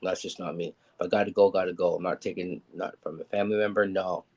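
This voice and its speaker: Man, candid storyteller, husky low voice, rambles with fillers. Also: fairly even intonation, fast, darkish tone, low-quality recording. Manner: rambling and candid, many ums, acts out quoted people. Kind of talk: personal storytelling on a live show.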